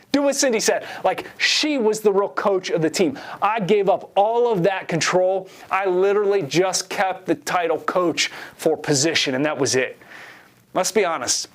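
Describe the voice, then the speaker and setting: A man in his forties preaching a sermon, telling a self-deprecating story in an animated way. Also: sits high. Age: 40s. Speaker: pastor.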